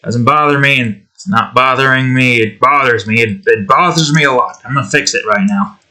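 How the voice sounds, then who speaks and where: A man's voice: mid-range voice, fairly quick, pushed and bright. A man hosting his own channel, chatting casually to himself as he draws, trailing off and thinking aloud. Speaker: channel host drawing on stream. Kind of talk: casual rambling commentary while drawing.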